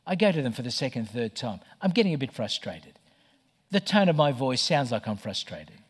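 A middle-aged man preaching a sermon as pastor, telling stories with lively stammered restarts. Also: medium pitch, brisk, breathy edge. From Australia. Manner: animated storytelling with stammered restarts.

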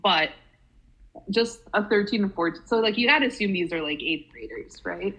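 A woman co-hosting a casual podcast chat, talkative and quick to giggle as she reads a story aloud. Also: mid-range voice, animated, fairly bright tone, low-quality recording. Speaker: podcast co-host.

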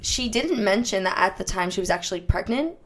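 A woman's voice: medium pitch, lively intonation, a little fast. Giggly woman telling a crime story. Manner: giggly, swears casually. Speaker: podcast host telling a true-crime story. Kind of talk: casual storytelling chat.

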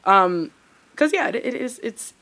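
A woman's voice: a little high, animated, unhurried, sharp tone. A young woman co-hosting a podcast, rambling effusively with lots of fillers in casual chat. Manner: rambling, heavy use of "like", effusive. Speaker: podcast co-host.

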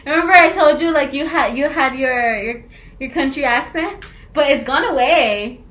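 A young woman co-hosting a podcast in casual chat, talkative and quick to laugh. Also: sits high, fairly bright tone. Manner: chatty, laughs often. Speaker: podcast co-host.

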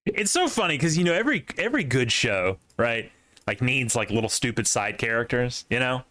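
A man's voice: medium pitch, very animated, fairly quick, pushed and bright, dry recording. A young man hosting a podcast in casual chat, rambling with restarts and asides. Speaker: podcast host.

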